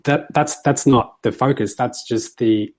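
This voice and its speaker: A man's voice: medium pitch, unhurried, a little mellow. A man in a casual discussion, speaking hesitantly and searching for his words.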